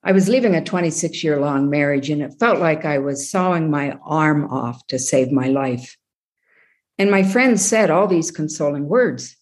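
A woman's voice: sits low, animated, normal speed. A middle-aged woman telling a personal story in a plainspoken, reflective way, with dry asides. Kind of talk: personal story told to an audience.

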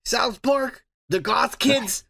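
A man's voice: very high-pitched, slow pace, vocal fry, pushed and bright. A man co-hosting a podcast in casual chat, teasing his co-host and joking.

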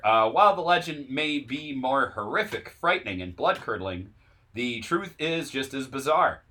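A man's voice: mid-range voice, pushed and bright. A man co-hosting a podcast in casual chat, laid-back and joking, sometimes reading from an article. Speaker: podcast co-host.

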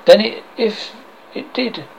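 A man voicing an elf mother who speaks sharply, shrill and scolding. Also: slow, creaky, a little hiss or hum, full character voice, poor audio. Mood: angry.

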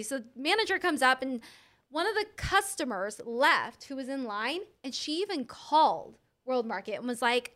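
A woman chatting casually as a show host, telling an animated story full of "like" fillers. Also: sits high, moderate pace. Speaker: small business owner. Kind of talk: casual chat.

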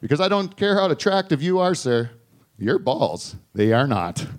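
Man, high voice, crude stand-up comic, deadpan punchlines, live bar stage. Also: normal speed. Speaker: stand-up comedian. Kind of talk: stand-up comedy.

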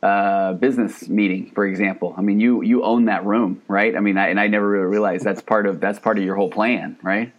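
A man's voice: on the low side, fairly even intonation, brisk, hardly any pauses, lo-fi sound. A man hosting a podcast interview, enthusiastic and chatty, often repeating his words as he talks. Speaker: podcast host. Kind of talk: casual interview.

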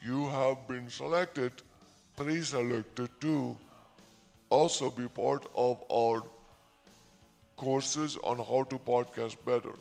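A man voicing a pushy male online-course pitchman who reads out a drawn-out, announcer-like sales pitch. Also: fairly even intonation, creaky, darkish tone, faint music behind. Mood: salesy pitch.

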